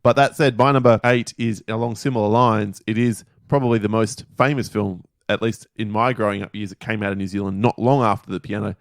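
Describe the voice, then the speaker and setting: A man co-hosting a casual podcast, talking in a rambling way with halting restarts. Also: on the low side, steady tone, no room sound, studio quality. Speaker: podcast co-host.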